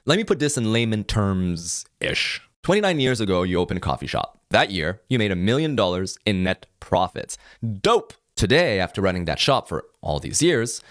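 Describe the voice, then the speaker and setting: A man's voice: deep voice, big pitch swings, normal speed, few pauses, a bit bright, no echo, clean studio sound. A man with a French-Canadian accent hosting a political commentary show, talking in a sarcastic, mocking monologue.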